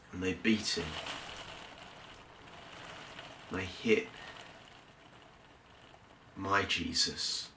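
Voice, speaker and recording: A man's voice: fairly low pitch, reverberant, slight background noise, heavily acted. A man playing Peter, a remorseful fisherman. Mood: tense. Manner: earnest, halting storytelling with quiet, heavy pauses. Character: remorseful male fisherman disciple, fearful and ashamed. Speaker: actor in a dramatic monologue. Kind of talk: first-person dramatic church monologue. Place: church.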